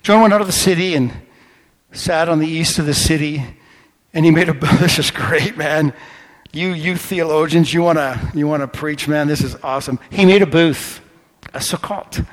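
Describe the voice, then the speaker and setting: A male pastor preaching a sermon, telling stories animatedly and swinging from quiet asides to loud outbursts. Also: fairly high pitch, normal speed, big-room sound.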